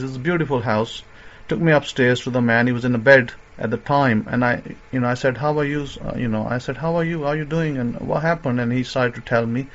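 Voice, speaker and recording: Rambling male preacher, muffled sound. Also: mid-range voice. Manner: rambling, many fillers and restarts. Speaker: religious teacher. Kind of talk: sermon-style storytelling.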